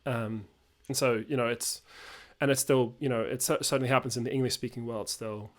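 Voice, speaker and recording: A man's voice: mid-range voice, steady tone, brisk. Norwegian-born man in his twenties, casual podcast co-host, explanatory, full of "you know". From Norway. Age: young adult. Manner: explanatory, frequent fillers and you-knows. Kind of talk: casual chat.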